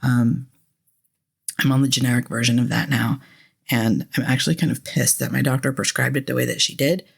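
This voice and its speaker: A woman hosting her own podcast in casual solo talk, candid and rambling, with a hoarse, phlegmy voice and frequent restarts. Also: rumbling low, steady tone, a little fast. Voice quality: raspy, phlegmy voice with a lingering cough. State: hoarse throat. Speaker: podcast host.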